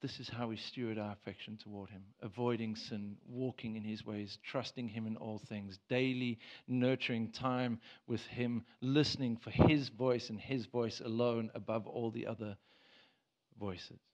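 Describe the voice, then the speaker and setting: A man's voice: lowish voice, fairly even intonation, moderate pace, darkish tone. Earnest man preaching a sermon. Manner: earnest, rises to emphatic bursts, many restarts. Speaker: pastor. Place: church. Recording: dull church service recording.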